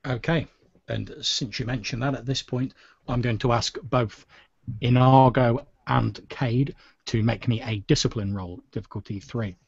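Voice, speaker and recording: A man's voice: mid-range voice, steady tone, a little slow, gravelly, breathy edge, no room sound, muffled recording. A man running a tabletop game as game master, narrating scenes at length with many "sort of" hedges. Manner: descriptive, with frequent "sort of" hedges.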